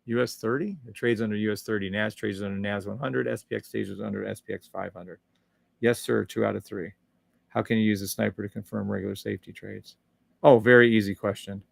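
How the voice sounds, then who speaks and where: In a lowish, gravelly voice with a steady tone and fairly quick pace, this trading-stream host guides viewers through charts. He's casual, upbeat and salesy, reads viewer comments aloud, and hums and scats while scrolling. The recording is dry.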